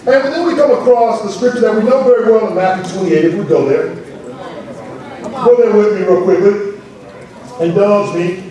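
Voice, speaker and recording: A man preaching a sermon, telling stories and rising to shouts on key points, in a large church. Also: high voice, moderate pace, long pauses. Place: church sanctuary. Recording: far from the mic in a very echoey church hall.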